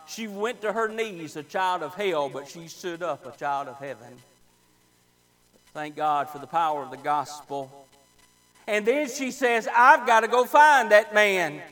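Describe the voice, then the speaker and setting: A Baptist preacher, a man, delivering a sermon with dramatic storytelling, acting out the people in his story and swinging between loud and soft. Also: high voice.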